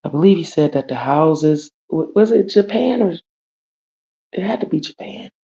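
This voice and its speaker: A woman's voice: low-pitched, animated, normal speed, vocal fry, warm tone. A woman tells a casual story on a livestream from home. She is blunt and profane, uses slang and keeps calling out to her viewers. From Detroit, USA. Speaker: livestream host. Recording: dull lo-fi stream audio.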